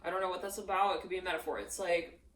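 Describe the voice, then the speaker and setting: A woman's voice: fairly low pitch, steady tone, racing, fairly bright tone. A woman giving a channeled tarot reading in a loose, rambling way, acting out quoted voices as she goes. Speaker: tarot reader. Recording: echoey room, mic at a distance.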